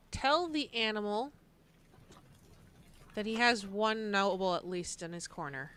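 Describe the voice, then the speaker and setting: A woman playing a tabletop game, speaking softly as her character. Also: medium pitch, measured pace, long pauses, clean tone. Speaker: player. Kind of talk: casual play chat.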